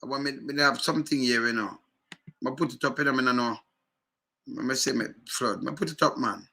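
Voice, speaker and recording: A man's voice: medium pitch, a little fast, gravelly, bright, forceful tone. A man with a Jamaican accent giving emphatic, repetitive commentary on video clips in casual patois.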